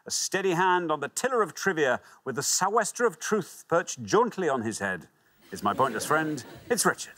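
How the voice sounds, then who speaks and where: A man's voice: on the high side, big pitch swings, normal speed, pushed and bright, slight background noise. A man with a British accent hosting a TV quiz show, with playful, theatrical introductions. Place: TV studio with audience.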